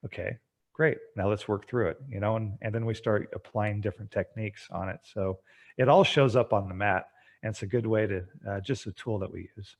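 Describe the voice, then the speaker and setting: A man speaking as a podcast guest, an energetic storyteller who acts out bits of dialogue. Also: lowish voice, a little fast. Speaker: guest, treatment center founder. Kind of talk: podcast interview.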